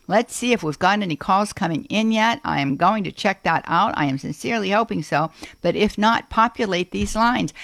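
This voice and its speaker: A woman hosting a Catholic call-in radio show, chatty and quick to affirm her callers. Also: on the low side, no room sound.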